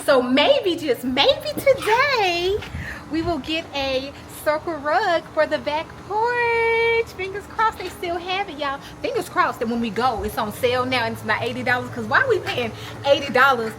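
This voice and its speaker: A young woman vlogging casually to her viewers, chatty and animated, speaking. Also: high voice, normal speed, background noise. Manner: chatty, animated, says "y'all" often. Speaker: lifestyle vlogger. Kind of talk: casual vlog chat to viewers.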